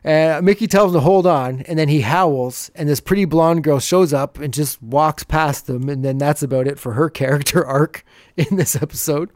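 A man's voice: on the high side, normal speed, no echo, studio quality. A man hosting a podcast, casually recapping an old TV episode and chuckling as he retells the scenes.

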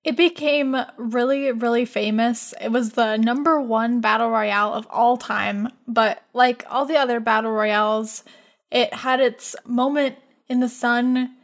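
Slow-spoken playful female co-host. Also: a little high, steady tone. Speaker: podcast co-host. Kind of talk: comedic podcast banter.

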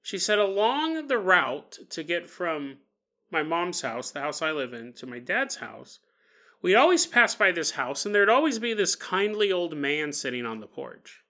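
Bright-voiced male podcast storyteller. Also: high voice, unhurried. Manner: animated retelling with acted-out quotes and stumbles. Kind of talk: paranormal story narration.

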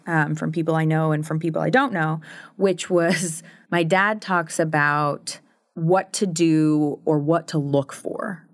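A woman in her thirties speaks in a low, candid voice on a podcast. She chats with frequent laughs and many fillers, and the close recording sounds dry. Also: no echo. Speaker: podcast co-host. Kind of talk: casual conversation.

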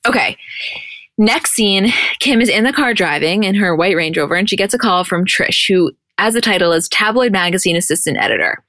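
A woman's voice: medium pitch, lively intonation, brisk, a bit bright, no echo. A woman co-hosting a podcast, casually recapping TV scenes and acting out the dialogue as she goes. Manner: chatty, retells scenes with quoted dialogue. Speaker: podcast co-host.

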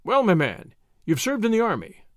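A man voicing an older male surgeon who quizzes a patient in quick, probing questions to show his students how he reads people. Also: huge pitch swings, a bit bright, no room sound, clean studio sound, heavily acted. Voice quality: high, discordant voice.

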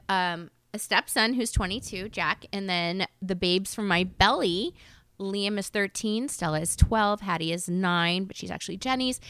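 A chatty woman in her forties, co-hosting with a gushing, emotional warmth in her words. Her mid-range voice sits close and dry, with no room around it. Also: mid-range voice, clean tone, no echo. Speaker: podcast co-host. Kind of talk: casual chat.

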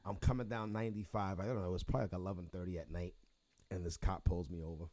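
A man's voice: sits low, steady tone, rapid-fire, a little mellow, dry recording. A man co-hosting a casual podcast, telling a story in a laid-back way and laughing easily. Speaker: podcast co-host. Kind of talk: casual chat.

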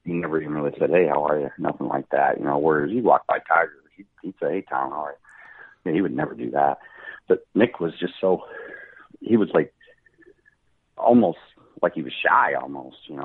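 A middle-aged man spins laid-back anecdotes, laughing now and then as he talks. His voice sits low and husky. It comes through a tinny, phone-like line. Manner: relaxed, anecdotal, laughs while telling stories. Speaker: podcast guest, touring golf pro. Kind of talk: casual storytelling.

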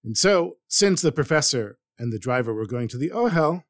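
A male storyteller telling a tale in an earnest, expressive way, at a middle pitch. His voice is close to the mic and dry, with no room sound around it. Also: normal speed, no room sound. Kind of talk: narrated story.

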